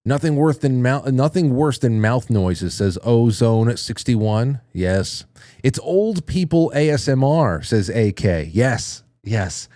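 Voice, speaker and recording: A man's voice: mid-range voice, lively intonation, measured pace, hardly any pauses, warm tone, no room sound, studio quality. A man in his forties hosting a live call-in show, rambling casually and cracking crude, self-mocking jokes as he reads the chat. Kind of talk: casual live-stream monologue.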